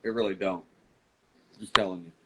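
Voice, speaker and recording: A man's voice: sits low, steady tone, normal speed, noisy background. A man co-hosting a casual talk to camera, speaking bluntly and plainly. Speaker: co-host parent.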